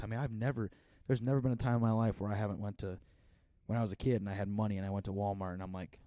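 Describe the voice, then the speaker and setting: A man's voice: lowish voice, steady tone, very fast, dark tone, dry recording. A man in his twenties co-hosting a podcast in a casual, rambling chat full of filler words. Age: 20s. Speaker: podcast co-host.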